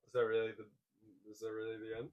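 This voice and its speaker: A woman co-hosting a podcast in casual chat, making short, dry, deadpan remarks. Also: very deep voice, quick pace, muffled recording, background noise. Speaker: podcast co-host.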